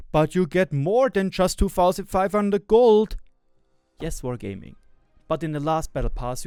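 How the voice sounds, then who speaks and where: A gaming YouTuber vents in a frustrated, profanity-laced rant, repeating himself as he goes. His voice is a little high, with a clear, resonant tone, recorded in a clean studio with no echo.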